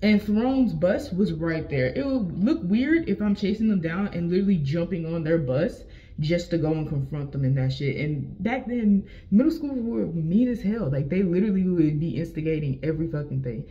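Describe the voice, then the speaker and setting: A young adult woman telling a casual storytime vlog, animated and profane, with lots of slang and acted-out quotes of herself. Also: on the low side, moderate pace. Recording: slightly dull lo-fi sound.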